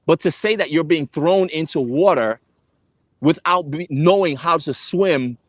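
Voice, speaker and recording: A young man speaks straight to camera in an earnest, storytelling way, leaning on repeated phrases for emphasis. His voice sits a little high for a man, and the sound is dry and close. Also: a little slow, no echo. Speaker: travel vlogger.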